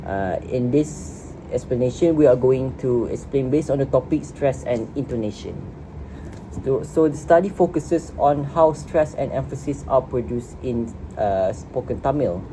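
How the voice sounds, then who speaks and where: A woman's voice: extremely low pitch, a little slow, mellow. A woman giving a student class presentation in a noisy room and reading from prepared notes. She repeats a word here and there as she goes. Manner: reads prepared notes, repeats words at times.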